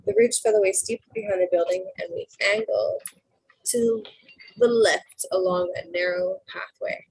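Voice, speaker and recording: Her voice is fairly low, husky and darkish, with fairly even intonation at normal speed, as she casually narrates a first-person novel. She trips on words here and there and corrects herself, and the recording quality is poor.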